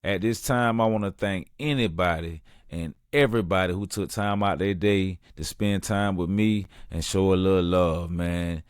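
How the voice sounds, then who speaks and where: A young podcast host tells a casual story at normal speed in a smooth voice, barely pausing. He's laid-back, says "man" constantly, and becomes loud and high when acting out the story. The audio is clean studio sound without echo.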